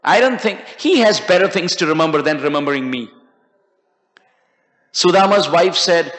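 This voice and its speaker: A man telling a devotional story in an animated storytelling sermon. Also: on the high side, normal speed, long pauses. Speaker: speaker. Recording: long hall reverb.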